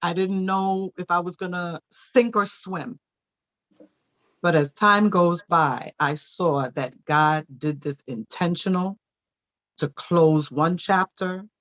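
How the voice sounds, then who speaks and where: A woman, a daycare owner, telling her personal testimony in a church interview with animated storytelling. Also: low-pitched, takes it slowly, dull audio. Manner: animated storytelling, acting out quoted voices.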